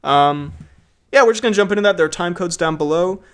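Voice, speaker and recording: Young male podcast host, high voice, rambling storyteller, slightly odd mic sound. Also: fast talker, clear, resonant tone. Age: young adult. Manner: rambling, giggly, lots of "like". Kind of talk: casual chat. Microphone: makeshift mic setup that sounds a bit off.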